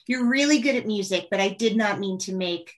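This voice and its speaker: A woman's voice: mid-range voice, fairly quick. A woman hosting an interview, asking eager questions and reacting with enthusiasm. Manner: enthusiastic, warm questioning with laughs. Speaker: interviewer host. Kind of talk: conversational interview.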